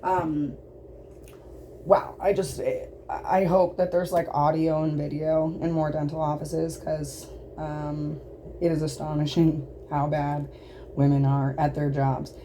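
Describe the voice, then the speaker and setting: A woman in full storytime-rant mode, indignant and exasperated, stacking fillers and blunt swearing as she vents. Her voice sits a little low and sounds mellow and relaxed in tone, with a faint hiss of noise under it. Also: slow pace. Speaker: vlogger telling a story.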